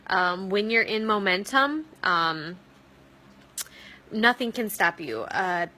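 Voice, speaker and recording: A woman's voice: mid-range voice, pushed and bright. A woman giving an upbeat motivational talk to her sales team, coaching with many ums. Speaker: network marketing team leader.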